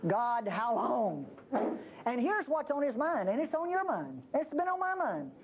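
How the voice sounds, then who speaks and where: A woman's voice: moderate pace, slight background noise. An older woman preaching a sermon in a church, emphatic, folksy and teasing. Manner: emphatic, folksy and teasing, with lively pitch swings. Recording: dull lo-fi recording.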